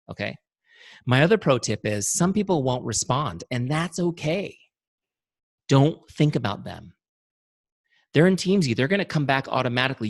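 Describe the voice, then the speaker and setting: A man's voice: mid-range voice, dry recording. A man teaching an online sales training, emphatic and direct, often repeating key phrases and talking to the audience as "you guys.". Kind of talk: motivational webinar teaching.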